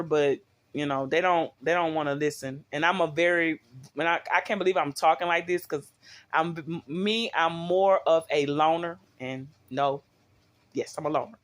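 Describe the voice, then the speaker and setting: A woman's voice: sits low, moderate pace, fairly bright tone. A middle-aged woman talking casually to her viewers at home. She rambles and keeps asking them questions. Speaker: vlogger.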